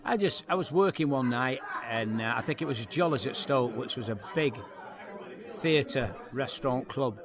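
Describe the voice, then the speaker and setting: Comic in his fifties, lively yarn-spinner doing voices, interviewed outside over a busy crowd. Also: medium pitch, moderate pace. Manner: lively storyteller, acts out voices, laughs often. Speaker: comedian guest. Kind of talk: anecdotal interview chat. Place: outdoor launch event. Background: crowd chatter.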